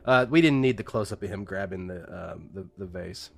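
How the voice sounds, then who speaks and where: A man's voice: low voice, brisk, creaky. A man co-hosting a casual movie podcast, nitpicking scenes with lots of swearing and laughter. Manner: nitpicky, profane, laughs often. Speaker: podcast co-host reviewing a movie. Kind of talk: casual chat.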